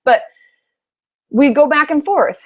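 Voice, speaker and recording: A woman's voice: high voice, animated, slow pace. A woman in her thirties, a therapist from Washington state, answering viewer questions in a frank, chatty live Q&A, swearing casually now and then.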